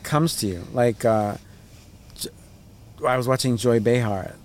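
A man, the guest on a casual podcast, talking in a rambling way and jumping his pitch up when he acts out voices. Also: a little slow. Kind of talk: casual chat.

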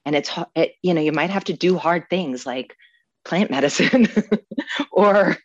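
Low-voiced heartfelt woman in her fifties. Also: a little slow, dry recording, highs cut off. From New Orleans, USA. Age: 50s. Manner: heartfelt, tearful yet joyful, laughs often. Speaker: guest sharing recovery story. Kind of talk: emotional personal testimony.

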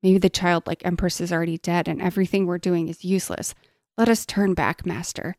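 A woman reading aloud as a small loyal horse, speaking softly and heavily in despair. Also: fairly low pitch, a little fast, no room sound, clean studio sound, natural voice. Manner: soft, heavy, despairing reading.

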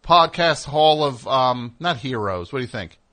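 A man's voice: medium pitch, lively intonation, measured pace, a bit bright. A man hosting a comedic talk show, riffing in a rambling, sarcastic way with plenty of fillers. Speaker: host.

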